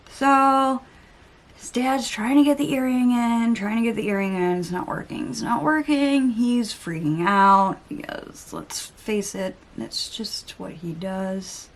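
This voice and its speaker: Brief: young woman beauty vlogger, mid-pitched voice, chatty and exasperated, casual get-ready-with-me chat. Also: slow. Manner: chatty storytelling, exasperated asides, some swearing. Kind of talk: casual chitchat while getting ready.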